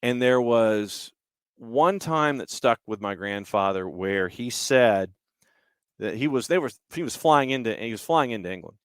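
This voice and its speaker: A man hosting a podcast, telling a story in an unhurried, conversational way with a few restarts. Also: medium pitch, expressive, a bit bright, clear, resonant tone, no room sound, studio quality. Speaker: podcast host.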